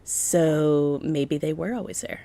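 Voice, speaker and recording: A woman from Massachusetts co-hosts a podcast, talking in a relaxed, chatty way with frequent giggles. Her voice sits a little low. The sound is dry and close. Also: slow, dry recording. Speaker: podcast co-host. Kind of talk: casual chat.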